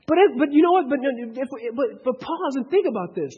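A man leading a Bible study, talking in an animated way, with many restarts and rhetorical questions. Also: extremely high pitch, fast talker, hardly any pauses. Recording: dull, echoey hall recording.

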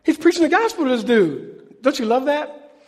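Male pastor, very high voice, chatty sermon delivery, asks the congregation questions, long hall reverb. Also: normal speed. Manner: lively conversational preaching, asks the crowd questions.

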